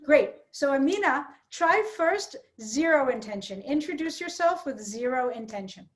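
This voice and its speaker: A woman's voice: sits high, lively intonation, moderate pace. A woman teaching public speaking in an online workshop, coaching participants with encouragement.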